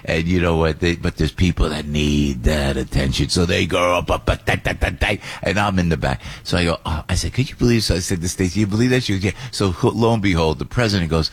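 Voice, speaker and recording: A middle-aged man hosts a talk radio show, his husky voice jumping around as he tells a rambling story. His sound is dry and close, with no room around it. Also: lowish voice, brisk, no room sound. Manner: excitable, rambling, acts out other voices. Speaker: radio host.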